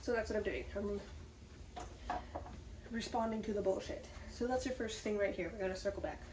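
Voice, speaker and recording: A woman's voice: mid-range voice, fairly quick, background noise. Chatty woman vlogger in an echoey room. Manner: candid, chatty, upbeat about a hard time. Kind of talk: casual talking-to-camera vlog. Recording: echoey room from some distance, faint ambience.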